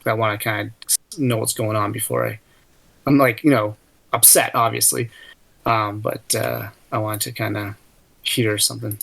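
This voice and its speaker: A player in a casual tabletop role-play game rambles through his character's actions, then speaks heatedly in character with plenty of swearing. His voice is fairly low, gravelly and a bit bright, with a flat delivery at a moderate pace.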